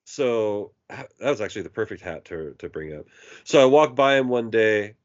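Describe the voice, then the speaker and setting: A man's voice: on the low side, normal speed, dull audio. A man co-hosting a podcast, telling a story in casual chat and acting out the people he quotes. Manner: animated, acts out quoted voices. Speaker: podcast co-host.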